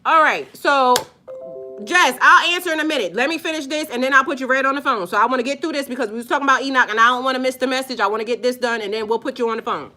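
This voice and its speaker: High, bright-voiced blunt woman. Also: faint music behind. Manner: blunt, emphatic and profane, drawn-out stresses. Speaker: spiritual life coach. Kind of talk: casual unscripted video talk to viewers.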